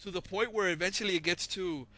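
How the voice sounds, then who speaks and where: A man's voice: high-pitched, fast talker, sharp tone, dry recording. A man hosting his own channel, telling a story in a casual, slangy, rambling monologue on a close mic. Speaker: channel host. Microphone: close mic, audio-only recording.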